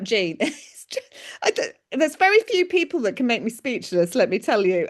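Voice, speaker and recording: A woman working as a medium, giving a lively reading over a video call, laughing often and calling people "my darling". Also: mid-range voice, normal speed. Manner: animated, laughs often, relays spirit messages with warm endearments.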